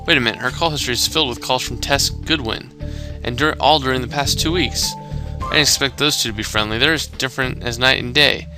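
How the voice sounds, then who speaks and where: A man's voice: mid-range voice, fairly quick, over music, close to an everyday voice. A man doing a chatty detective sidekick. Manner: chatty, narrating clues.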